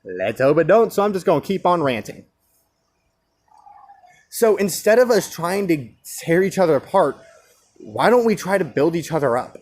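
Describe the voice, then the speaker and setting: A man's voice: fairly high pitch, very animated, normal speed, pauses often, a little mellow. A young man ranting alone about division and free speech, impassioned, firing rhetorical questions and restarting his phrases. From United States. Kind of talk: solo rant.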